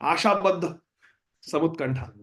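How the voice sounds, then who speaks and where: A man retelling a devotional story in an animated way, with chuckles. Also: a little high, moderate pace. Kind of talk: storytelling sermon.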